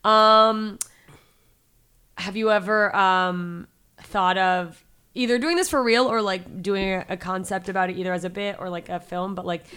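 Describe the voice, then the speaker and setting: A woman's voice: mid-range voice, moderate pace, fairly bright tone, smooth. A woman hosting a podcast in casual chat, asking questions and laughing often. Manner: giggly, asks questions. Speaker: podcast host.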